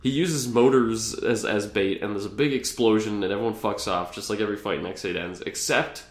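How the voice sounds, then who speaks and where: A man's voice: on the low side, fairly quick, roomy sound. A man co-hosting a podcast, rambling through a plot recap in casual chat. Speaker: podcast co-host.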